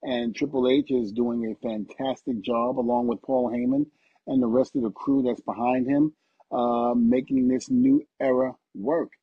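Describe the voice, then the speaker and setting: A man's voice: medium pitch, normal speed, breathy edge, no echo, phone-quality sound. A middle-aged man, a retired wrestler, chatting as a podcast guest and acting out quotes as he tells stories. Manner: animated storytelling, acts out quotes. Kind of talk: casual interview chat.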